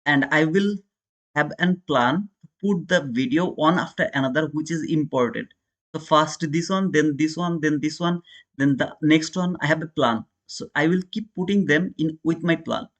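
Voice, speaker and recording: A man's voice: fairly high pitch, normal speed, fairly bright tone. A man with an Indian accent chatting casually with viewers while he hosts a live trading stream, calling them brother and answering chat. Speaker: day trader and live-stream host.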